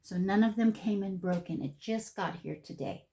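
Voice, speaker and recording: A woman beauty vlogger unboxing a makeup palette in a casual vlog, gushing and excitable, often repeating herself. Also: medium pitch, moderate pace.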